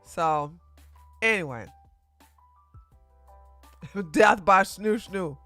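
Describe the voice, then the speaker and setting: A woman streamer talks through a show review in a loose, casual way. Her voice is bright and forward, and the sound is close and dry. She is animated, breaks into laughs often and keeps restarting her sentences. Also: medium pitch, extremely slow, no room sound, faint music behind. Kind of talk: casual livestream commentary.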